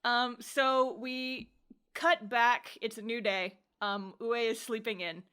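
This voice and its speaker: A young woman co-hosting a podcast, casually recapping an anime episode with animated storytelling, acting out characters' lines, laughing and swearing. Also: fairly high pitch, slow, smooth. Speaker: podcast co-host reviewing anime.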